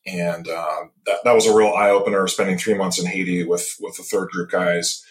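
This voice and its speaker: A man in his fifties from Michigan, a guest on an interview podcast, telling stories in a relaxed, rambling way with many pauses and restarts. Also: sits low. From Michigan, USA. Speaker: guest, tropical medicine specialist. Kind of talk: casual interview chat. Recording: roomy echo.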